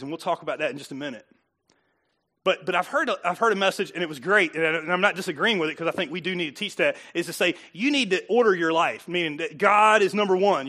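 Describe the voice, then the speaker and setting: A man's voice: a little high, sharp tone. A middle-aged male pastor preaching a sermon to a congregation in a chatty, joking way, often putting questions to the listeners. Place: church before a congregation.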